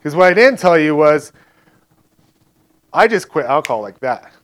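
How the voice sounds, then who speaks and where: A man's voice: a little high, big pitch swings, moderate pace, fairly bright tone. A male preacher telling a personal story to his congregation in a casual, conversational way, laughing often. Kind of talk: conversational sermon testimony.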